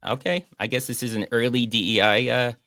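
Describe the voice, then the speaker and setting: A man's voice: mid-range voice, steady tone, brisk, bright, forceful tone, dry recording. A man hosting a casual online chat, joking and sarcastic. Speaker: podcast host.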